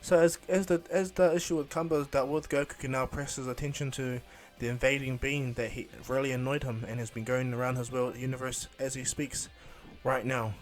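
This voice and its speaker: A male storyteller rambling through an improvised fan retelling, pausing on fillers and restarting. His voice sits at a middling pitch, with faint music under it. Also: steady tone.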